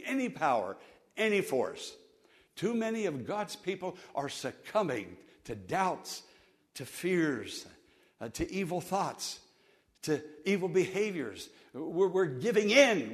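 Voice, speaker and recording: A pastor preaching a sermon to his congregation, rising to loud emphatic peaks and dropping to hushed storytelling, leading them in call-and-response. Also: a little high. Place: church sanctuary with congregation.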